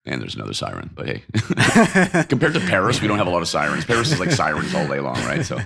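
Very deep-voiced opinionated Danish-born man. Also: very fast, gravelly, husky. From Denmark. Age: 50s. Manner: opinionated, animated, with rhetorical questions and laughs. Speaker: interview guest, urban mobility expert. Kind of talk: casual conversational interview. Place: apartment by a busy street.

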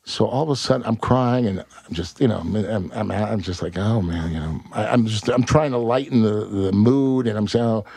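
A male actor, a guest on a podcast, telling a story in an animated, profane and rambling way. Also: fairly low pitch, normal speed, vocal fry, few pauses, slightly rough, dry recording.

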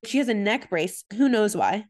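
A woman in casual conversation, retelling scenes from a show with loose, chatty energy. Her voice sits in an ordinary middle pitch for a woman, and she drops into short quoted voices as she goes. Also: animated, moderate pace, darkish tone. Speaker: podcast co-host recapping a TV episode. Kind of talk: casual chat.

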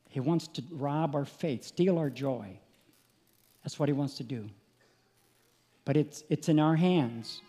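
A male preacher giving an impassioned sermon, rising to loud peaks and dropping back to a low, earnest tone. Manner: impassioned, builds to shouting peaks then drops quiet. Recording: long hall reverb.

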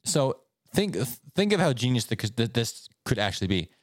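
Man, podcast co-host, animated storytelling, swooping pitch, dry close sound. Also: normal speed, dry recording. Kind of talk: casual chat, reading stories aloud.

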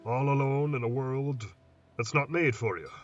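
A man voicing a weathered old lighthouse keeper who speaks slowly and in a hushed, musing way, heard on a distant, muffled recording with faint hiss. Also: medium pitch, soft background music, close to an everyday voice. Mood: brooding. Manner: slow, hushed, musing storyteller.

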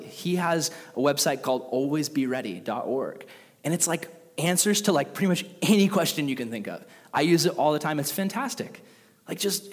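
A young man preaching a casual youth sermon who tells stories with lively voices for the characters. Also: long reverb tail. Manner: animated storytelling, acts out characters with jumps in pitch. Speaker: youth pastor.

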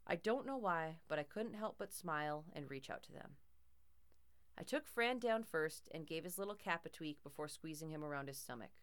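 A woman's voice: low voice, lively intonation, moderate pace, clear, resonant tone. A woman narrating a first-person horror story in a tense, dramatic way.

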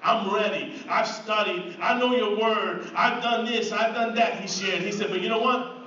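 A man's voice: high voice, moderate pace, bright, forceful tone, slight background noise. Man preaching in an echoing church. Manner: conversational storytelling, rising to fervent preaching. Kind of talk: sermon testimony. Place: church sanctuary. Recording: echoey hall from far off, muffled.

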